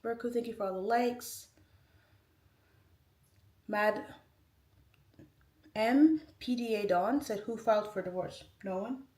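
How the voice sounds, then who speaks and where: A woman's voice: fairly high pitch, slow pace, pauses often, a little mellow. Chatty woman livestreaming in a roomy space. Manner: chatty and rambling, heavy use of "like". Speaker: livestream host. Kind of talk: casual livestream chat, reading out comments. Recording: roomy echo, distant mic.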